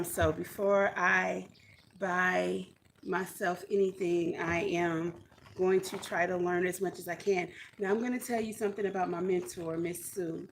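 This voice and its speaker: Chatty woman with a gravelly voice. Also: fairly low pitch, a little hiss or hum. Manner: chatty, self-deprecating, thinks aloud with fillers. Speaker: homesteading vlogger. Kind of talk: casual livestream chat reading comments.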